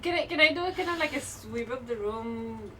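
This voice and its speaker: A woman's voice: on the high side, expressive, brisk, bright, forceful tone. A woman player at a tabletop game, chatty and a bit hesitant as she describes her moves. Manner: chatty and hesitant, with restarts and laughter. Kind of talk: casual tabletop play. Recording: distant mic with faint background noise.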